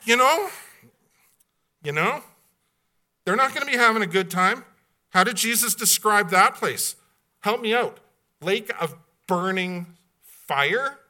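A man preaching a sermon, blunt and folksy, swinging from loud outbursts to hushed asides. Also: high voice. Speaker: pastor.

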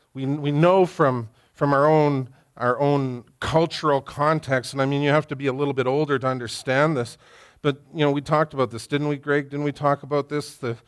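A middle-aged male pastor with a smooth, medium-pitched voice reads scripture aloud, then preaches a sermon whose intensity rises to impassioned emphasis.

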